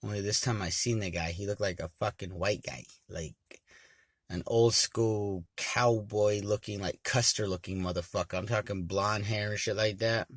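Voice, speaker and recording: A man from Montana casually telling a rambling, profane story and getting loud and animated when he quotes people. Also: on the low side, moderate pace, no room sound. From Montana, United States.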